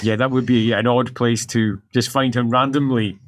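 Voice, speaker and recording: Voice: mid-range voice, steady tone, normal speed. A game master, narrating an improvised tabletop game playfully and laughing often.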